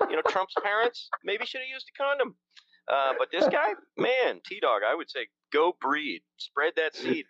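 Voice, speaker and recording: A man's voice: medium pitch, fairly bright tone, no echo, lo-fi sound. A man hosting a casual chat, joking crudely and rambling with lots of fillers.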